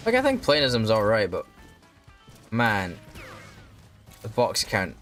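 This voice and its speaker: A man's voice: lowish voice, huge pitch swings, slow pace, fairly bright tone. A young man casually commentating on a game he plays, ranting and swearing often. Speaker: streamer. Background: faint background music.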